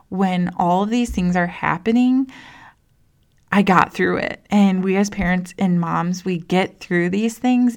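A woman's voice: fairly low pitch, clear, resonant tone. A young woman and mother talking casually to listeners about parenting, chatty and full of "like" and restarts. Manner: chatty, says "like" constantly, restarts often. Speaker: mom sharing parenting stories. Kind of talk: casual personal talk to listeners.

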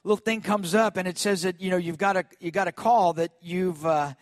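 A man preaching a sermon, telling a personal story in a lively way and calling on the congregation to respond. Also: sits high, a little fast, dry recording, studio quality. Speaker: pastor.

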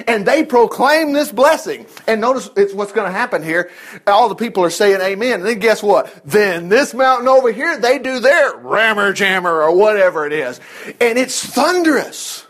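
A man delivers an animated sermon in a high, bright-toned voice. He reads scripture aloud and breaks off into quick, low asides. Then he jumps back up into loud exclamations. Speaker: preacher. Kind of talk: lively sermon mixing scripture reading and asides.

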